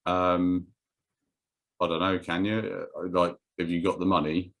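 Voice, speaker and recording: A man playing a depressed fast-food worker who answers flatly and unhelpfully. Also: sits low. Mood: deadpan. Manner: flat, deadpan, unhelpful. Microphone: video call.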